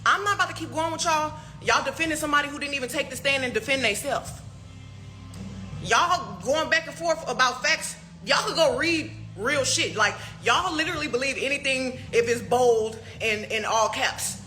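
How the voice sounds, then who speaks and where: Animated high-voiced woman ranting. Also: faint music behind. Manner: profane, rapid-fire rhetorical questions; animated, with laughing asides. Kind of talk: heated social media rant.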